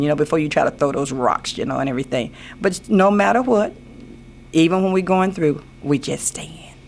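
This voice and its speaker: Earnest older woman, gravelly and repetitive. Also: deep voice. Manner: earnest, repeats phrases, laughs often. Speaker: pageant queen guest. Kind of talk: casual radio interview. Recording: AM radio broadcast with faint noise.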